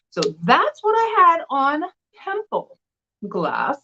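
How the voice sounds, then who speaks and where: A woman's voice: high voice, wildly swooping pitch, slow pace, gravelly, sharp tone, lo-fi sound, slight background noise. A woman co-hosting a casual live sale stream, chatting animatedly as she shows items. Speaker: vintage glass seller and co-host.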